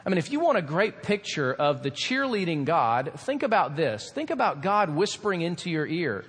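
Animated high-voiced male pastor preaching. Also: normal speed, hardly any pauses, slightly rough, big-room sound. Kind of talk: sermon.

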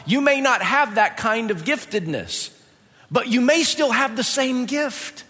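A man preaching in a lively, conversational way, throwing rhetorical questions at the congregation. His voice sits high and bright, swinging widely in pitch. A long reverb trails behind him in a large hall. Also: a little slow. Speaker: pastor. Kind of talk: sermon.

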